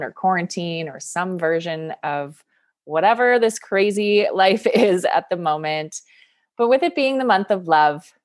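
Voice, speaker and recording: A woman hosting her own podcast, talking in a chatty, upbeat way and laughing between phrases. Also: lowish voice. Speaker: podcast host. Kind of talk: casual solo podcast talk.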